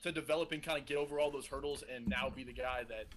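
A man's voice: medium pitch, steady tone, fast. A man asking a guest long, searching interview questions with some fillers.

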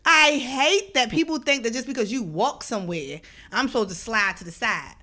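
A woman with a bright, high voice, chatting on a radio show. She tells her stories with a lot of swing in her pitch and laughs her way through them. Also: moderate pace. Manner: animated storyteller, laughs a lot, talks to listeners as "y'all". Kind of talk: casual chat.

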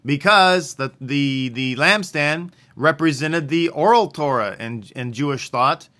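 A man with a fairly high, bright voice gives a religious teaching. He talks casually, poses questions and answers them himself, and stresses key phrases. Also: measured pace. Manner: conversational, asks and answers his own questions.

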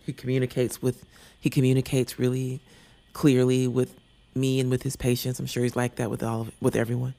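A man talks through a personal story in an earnest, rambling, confessional way. His voice sits in a middle register with a noticeable gravelly fry. Now and then he sinks to a soft near-whisper. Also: mid-range voice, completely flat delivery, brisk.

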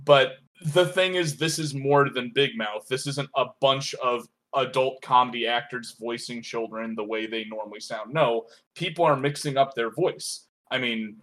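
A man co-hosting a casual review podcast, talking in a measured, analytical way with frequent "uh" and "like". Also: medium pitch, a bit bright. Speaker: podcast co-host reviewing a show.

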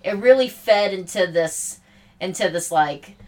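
Animated woman recapping a film. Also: medium pitch, measured pace, far from the mic. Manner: animated, swearing, laughing, quoting characters. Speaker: podcast co-host. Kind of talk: casual chat recapping a film.

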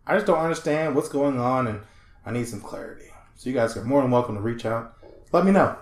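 A man's voice: medium pitch, brisk, echoey room. A man co-hosting a casual podcast chat, telling stories with lots of swearing and laughter. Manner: animated, profane, laughing storyteller. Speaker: podcast co-host.

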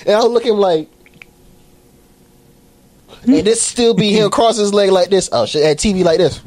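Husky, lively man laughing through chat. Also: high voice, slow, long pauses. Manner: laughing often, animated retelling with quoted voices. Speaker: co-host. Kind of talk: casual reaction chat.

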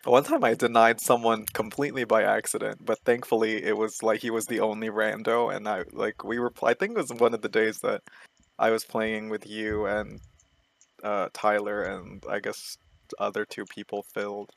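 A man's voice: lowish voice, moderate pace, creaky, poor audio. A young man co-hosting a casual gaming podcast, laughing often and acting out what other players said. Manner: laughing, animated retelling with acted-out quotes. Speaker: podcast co-host.

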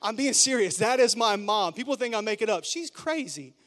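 Male pastor in his thirties; animated, joking sermon delivery, high pitch, big reverberant sanctuary. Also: fairly quick. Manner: animated, playful, conversational with the crowd. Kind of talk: humorous storytelling sermon. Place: church sanctuary. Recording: long church hall reverb.

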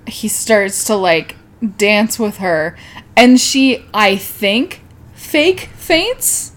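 Woman podcast host, chatty recapper, quick to laugh and curse. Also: medium pitch. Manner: laughs often, swears, acts out quotes. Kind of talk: casual podcast chat recapping a show.

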